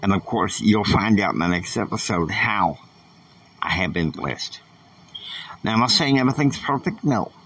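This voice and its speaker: A man's voice: lowish voice, expressive, normal speed, vocal fry, a bit bright, slightly rough, dry recording, recorded from a distance, low-quality recording. A man hosting a podcast, giving an earnest, emphatic faith-based motivational talk. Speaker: podcast host.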